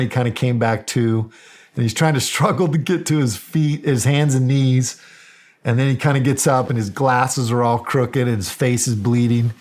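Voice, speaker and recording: Middle-aged guy from the us telling a story on a podcast, acts out all the voices, normal pitch. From United States. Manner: animated storyteller, acts out quoted dialogue. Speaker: guest, county sheriff.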